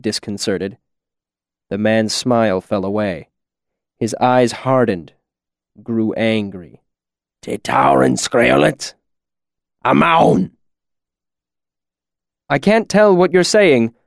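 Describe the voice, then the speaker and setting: A man narrating a novel in a measured, deliberate storytelling manner. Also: mid-range voice, darkish tone, dry recording, studio quality.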